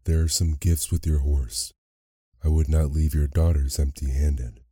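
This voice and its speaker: A man's voice: extremely low pitch, fairly even intonation, measured pace, mellow, husky, no echo, clean studio sound, exaggerated voice. A man voicing a huge, ugly, furious beast who growls and spits out his words in a bedtime story reading. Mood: gruff.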